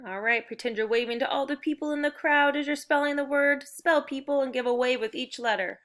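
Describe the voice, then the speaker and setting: A woman teaching a recorded phonics and spelling lesson to young children, speaking slowly and clearly with encouragement. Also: high voice, a bit bright.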